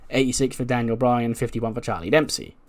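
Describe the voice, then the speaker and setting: A man narrating his game run in a wry, self-deprecating way, in a voice of middling pitch. He talks casually and laughs at his own mistakes. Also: fairly even intonation, a little fast. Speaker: game streamer. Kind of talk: let's-play narration.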